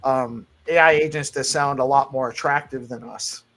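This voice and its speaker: A man's voice: mid-range voice, fairly even intonation, moderate pace, a bit bright. A man hosting a live crypto news stream, chatting casually and eagerly with many restarts. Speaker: show host.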